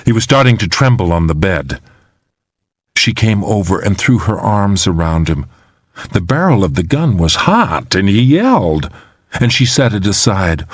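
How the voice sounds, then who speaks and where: A man's voice: low-pitched, sing-song, unhurried, slightly rough, no echo, studio quality. A man narrating a thriller audiobook in a dramatic, tense storytelling manner. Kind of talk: scripted narration.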